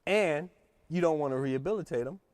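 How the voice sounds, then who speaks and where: A man telling a story as a podcast guest, animated and swearing freely in casual chat. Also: fairly high pitch, fairly quick, no room sound.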